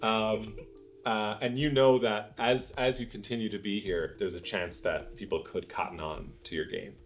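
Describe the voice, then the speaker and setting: A man's voice: lowish voice, steady tone, moderate pace, faint music behind. A man narrating as game master, loose and chatty with lots of filler words.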